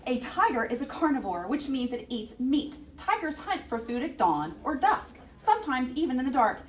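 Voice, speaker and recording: A woman presenting a children's library program, animated and gasping with exaggerated delight. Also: high voice, normal speed. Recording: roomy echo, distant mic, faint hiss.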